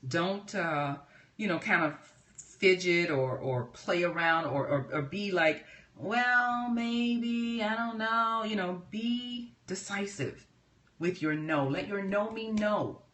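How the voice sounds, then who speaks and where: A woman trainer teaching on a live stream. She talks in a lively, chatty way, laughs often and keeps checking in with "right?". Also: fairly low pitch. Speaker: personal development trainer.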